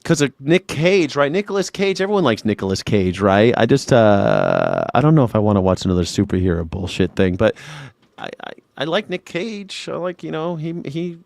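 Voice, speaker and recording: A man's voice: medium pitch, huge pitch swings, normal speed, creaky, a little mellow, dry recording. A man hosting a news reaction show, making sarcastic, mocking remarks between clips. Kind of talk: casual reaction commentary.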